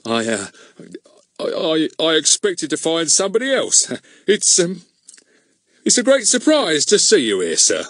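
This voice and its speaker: A man's voice: on the low side, expressive, unhurried, hardly any pauses, bright, forceful tone, husky, no echo, clean studio sound, full character voice. A man voicing a blustering, pompous middle-aged village policeman who stammers when flustered, in an audiobook. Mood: stammering.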